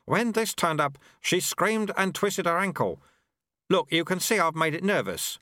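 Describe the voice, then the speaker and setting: An unflappable old sweeper in a storybook, voiced by a man. He drawls along slowly with a gently teasing edge. The sound is dry and close to the mic. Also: sits high, animated, no room sound, voice pushed up, full character voice. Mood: unbothered. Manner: unhurried, mildly teasing.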